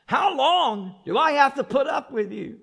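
A man preaching voices an exasperated male teacher who loudly scolds his followers. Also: extremely high pitch, huge pitch swings, voice pushed up, full character voice. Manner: loud, fast, scolding.

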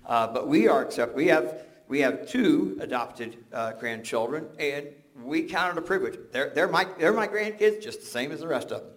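Older man, pastor giving a sermon; a touch high-pitched, conversational with humor. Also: lively intonation, normal speed. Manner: conversational and joking, restarts words often.

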